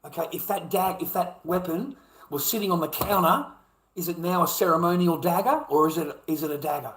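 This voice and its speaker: A man's voice: on the high side, a little fast, fairly bright tone, reverberant, poor audio. A man with an Australian accent, ranting heatedly to camera and swearing constantly as he repeats his points. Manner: profane, heated, repetitive.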